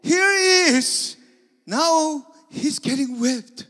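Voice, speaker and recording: A man's voice: drawn-out words, heavily acted. A preacher voicing panicked disciples of his master, crying out in despair. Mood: frantic. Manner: frantic, pleading, high and loud. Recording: long hall reverb.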